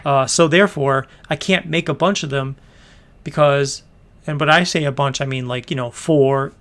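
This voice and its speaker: A man's voice: fairly high pitch, normal speed, fairly bright tone. A man hosting a casual livestream for his small business, rambling through his plans with many fillers and restarts and reading out viewer comments.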